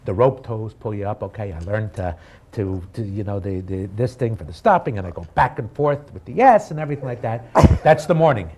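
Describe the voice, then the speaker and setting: Husky, animated man telling a story. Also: lowish voice, a little fast. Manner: animated, self-deprecating. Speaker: guest storyteller. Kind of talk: comic storytelling.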